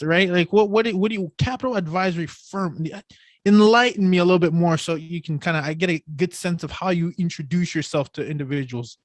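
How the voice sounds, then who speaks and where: A man's voice: high-pitched, quick pace, no room sound. A man hosting a podcast interview, talking with energy and slang and often restarting his sentences. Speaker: podcast host.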